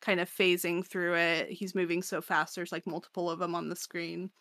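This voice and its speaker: A woman's voice: on the low side, little pitch movement, moderate pace, a bit bright, no echo. A woman co-hosting a podcast, recapping a story in casual chat, laughing often and rambling with many fillers. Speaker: podcast co-host.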